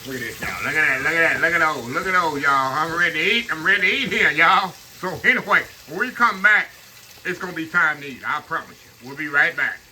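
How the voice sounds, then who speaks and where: A middle-aged man and kitchen manager chatting excitedly in a casual cooking vlog, talking to viewers from his kitchen while the camera sits on a tripod. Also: a little high, quick pace, slight background noise. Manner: chatty and excited, keeps addressing viewers as y'all. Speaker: home cook and kitchen manager. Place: home kitchen, indoors.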